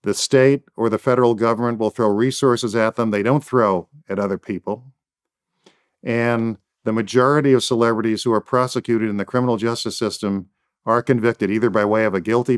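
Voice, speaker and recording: A man with a fairly low, steady voice and smooth delivery speaks at a moderate pace. He's a defense attorney appearing as an interview guest, pressing his points firmly with emphatic, repeated phrases.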